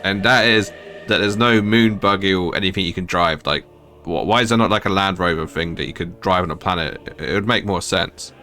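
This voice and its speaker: A man from the United Kingdom rants through a game review, his fairly low voice bright and forceful. He sounds exasperated and mocking, and faint music plays under him. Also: a little fast. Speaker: gaming video creator.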